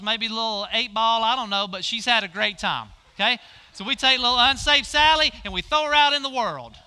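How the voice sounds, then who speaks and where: A man's voice: very high voice, bright, forceful tone, smooth. A middle-aged male pastor preaching a folksy sermon, directing volunteers through a live demonstration on stage.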